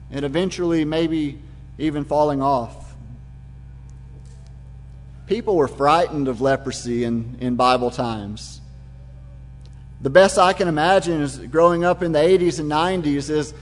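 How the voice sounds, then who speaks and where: A man preaching a sermon, retelling the scene in vivid, imaginative detail. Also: a little high. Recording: long hall reverb.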